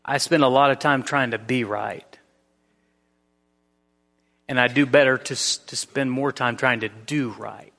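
A pastor preaching a sermon, telling a story with shifting emphasis. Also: male voice, mid-range voice, fairly even intonation, unhurried, gravelly, long pauses, bright, forceful tone, in a large hall.

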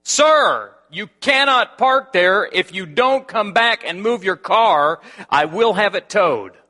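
A man's voice: high voice, expressive, slow, pitched above the performer's own voice, exaggerated voice. A man barking as a stern parking lot guard. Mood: insistent. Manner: loud, repetitive, officious.

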